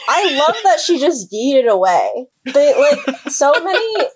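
Animated laughing woman, lively pitch. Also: slow. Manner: animated, laughs often, playful quoting of characters. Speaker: guest comic artist. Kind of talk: casual podcast chat about a film.

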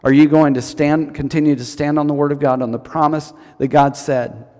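Pastor preaching in a reverberant hall. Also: male voice, on the high side, fairly even intonation, fairly quick, darkish tone. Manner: storytelling, repeats key lines for emphasis. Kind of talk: sermon. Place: church service.

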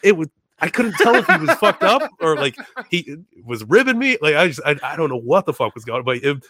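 A young man from Chicago, a podcast guest, telling stories in a loose, animated way, laughing often, swearing, and restarting his sentences. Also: on the high side, brisk, no echo, studio quality. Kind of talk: casual storytelling chat.

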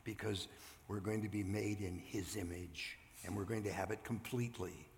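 An older man preaching a sermon, earnest, rising loud and then dropping to a hush. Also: lowish voice, fairly even intonation, normal speed, in a large hall, slight background noise. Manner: earnest, swings from loud to hushed. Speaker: pastor. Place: church sanctuary.

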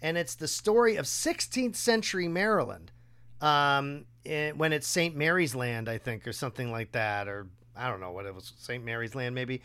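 A man hosting a podcast, chatting casually and acting out quotes with a raised, animated voice. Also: mid-range voice, moderate pace, smooth. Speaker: podcast host. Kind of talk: casual conversation.

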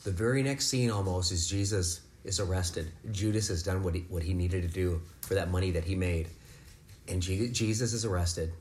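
A man leading a home Bible lesson for his kids, explaining scripture in a relaxed, conversational way. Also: sits low, a little hiss or hum. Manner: rises to loud, fervent preaching, then talks softly and warmly with kids. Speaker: father leading a family devotion. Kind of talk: preaching to children at home.

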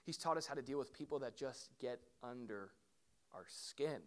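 A middle-aged man, a pastor, preaching a sermon in an animated way, with questions and asides to the congregation. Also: medium pitch, moderate pace.

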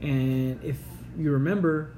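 A man's voice: a little high, steady tone, a little slow, mellow, a little hiss or hum, low-quality recording. A man co-hosting a casual sports chat, laid-back and profane, tacking "man" and "dude" onto his lines. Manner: laid-back, swears often, says "man" and "dude" a lot.

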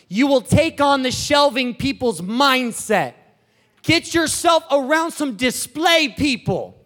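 A male preacher giving a high-energy sermon, shouting out exclamations.

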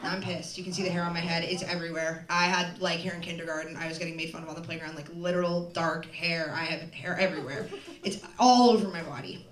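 A woman's voice: on the low side, fairly even intonation, fast. A woman stand-up comedian telling a self-deprecating story live, rambling with lots of fillers. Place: comedy club stage. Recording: echoey room from far off, loud crowd laughter. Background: loud audience laughter.

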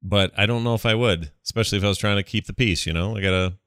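A man co-hosting a casual gaming podcast, his low voice bright and forceful. He rambles easily, full of fillers and restarts, recorded close and dry. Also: rapid-fire, clean tone, no echo. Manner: relaxed, rambling, many fillers. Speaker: podcast co-host. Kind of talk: casual chat.

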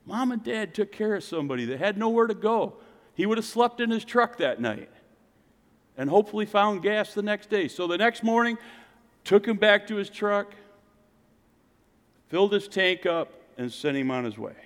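A middle-aged man preaching a sermon and telling a personal story, swinging from loud, lifted lines to hushed, quiet ones. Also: high voice, animated, moderate pace. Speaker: pastor. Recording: long hall reverb.

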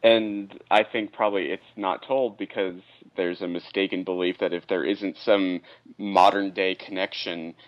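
A man co-hosting a casual movie podcast, talking in a measured, thoughtful way. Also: sits low, fairly even intonation, highs cut off. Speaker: podcast co-host.

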